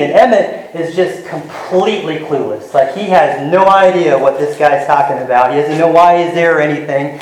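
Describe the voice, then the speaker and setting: A man's voice: on the high side, normal speed, hardly any pauses, reverberant, poor audio. A man preaching a sermon in an earnest teaching manner, walking listeners through scripture. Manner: earnest, retells scenes with lively voices.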